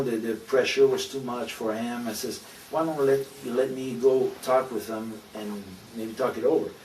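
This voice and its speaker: A man's voice: medium pitch, a little mellow, slight background noise. An older man telling blunt, profane wrestling stories in a shoot interview, leaning on "you know" throughout. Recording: echoey room, mic from a distance.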